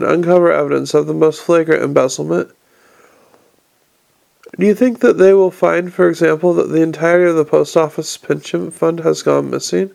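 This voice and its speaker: A man voicing an urbane male city tyrant who speaks in a dry, measured, faintly mocking way. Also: a little high, creaky, a little mellow.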